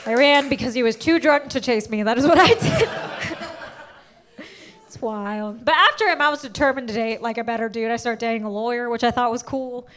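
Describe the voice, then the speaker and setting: A woman comedian performing a stand-up set on stage, telling stories with animated energy and laughing at her own jokes. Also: fairly high pitch, fairly quick, slight background noise.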